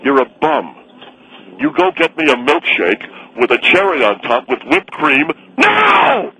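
A gluttonous middle-aged filmmaker, played by a man for a comedy sketch, muttering and chewing through every answer. His voice is bright and ringing, and it swings high and low as he gets petulant. He ends up sounding both indignant and sloppy. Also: sing-song, moderate pace, husky, heavily acted, low-quality recording. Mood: bossy. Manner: talks with his mouth full, petulant and indignant. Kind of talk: comedy radio sketch impression.

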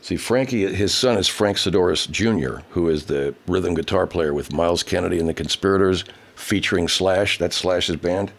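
A man runs a casual, profane livestream, reading viewer comments, swearing heavily and ranting angrily, while also using baby talk with his pet cat. His voice sits low and creaky at a normal speed.

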